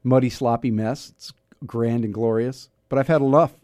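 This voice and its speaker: Middle-aged male talk radio host, warm low-key tone, rambling and self-deprecating. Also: fairly even intonation, normal speed, no room sound, clean studio sound. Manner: chatty, self-mocking, rambling with restarts. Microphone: studio mic.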